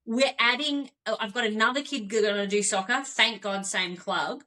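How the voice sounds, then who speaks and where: Bright, animated Australian woman. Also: mid-range voice, moderate pace. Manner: animated storytelling with laughs. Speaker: podcast co-host. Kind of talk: casual chat over video call. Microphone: video call.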